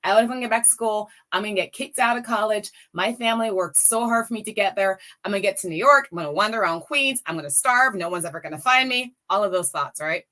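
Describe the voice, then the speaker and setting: Bright-voiced woman telling a heartfelt story. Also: mid-range voice, fast talker, few pauses. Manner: emotional, vivid storytelling with direct appeals. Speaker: guest speaker on a campaign call. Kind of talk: personal story and rallying appeal. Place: lives in the US Midwest.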